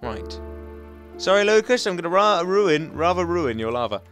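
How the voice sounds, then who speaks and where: A man hosting a video game let's play, chatting and rambling to himself and his viewers, switching between loud bursts and soft muttering. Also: high-pitched, sing-song, moderate pace, faint music behind.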